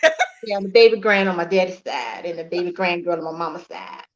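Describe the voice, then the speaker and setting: A woman's voice: fairly low pitch, fast talker. A woman guest on a live online show, chatting casually and praising the host with emphatic encouragement. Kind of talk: casual live-stream chat. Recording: slightly dull lo-fi audio.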